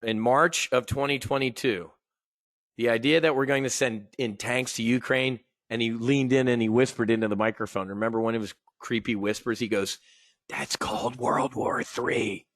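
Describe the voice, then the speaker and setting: A middle-aged American man hosts a live trading stream, talking off the cuff in a rambling, opinionated way. He clears his throat often and restarts his sentences, with a mid-range voice in a dry, close room. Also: mid-range voice, steady tone, a little fast, a bit bright, no room sound. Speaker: options trading host. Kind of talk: casual live market commentary.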